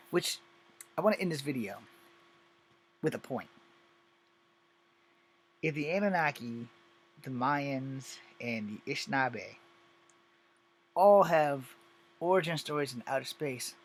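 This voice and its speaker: A man's voice: mid-range voice, slight background noise. Exasperated man ranting, swearing constantly. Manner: exasperated, sarcastic, heavy swearing. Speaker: commentator on social media videos. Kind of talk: profane ranting commentary.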